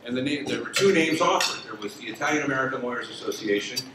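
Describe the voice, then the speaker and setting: A man's voice: medium pitch, expressive, fast talker. A man in his sixties reminiscing at an association event, rambling and conversational with many fillers and restarts. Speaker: lawyer telling a story at an association event. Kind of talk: spoken reminiscence to an audience. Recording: echoey room from far off, dinner noise. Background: clinking cutlery and dishes.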